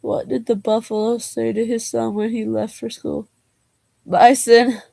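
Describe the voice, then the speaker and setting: A woman's voice: a little high, flat delivery, moderate pace, gravelly, dark tone, no room sound. A young woman vlogger reading jokes aloud in a casual way, laughing and groaning at them and adding slangy asides.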